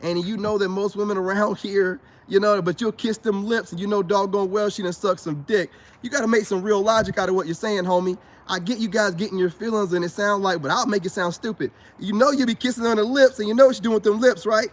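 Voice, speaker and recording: Speaking in a high voice with a steady tone, a man moves at a quick pace with hardly any pauses. He presents himself as a spiritual advice vlogger, preaching and boasting casually to camera, calling viewers brothers and restating his points.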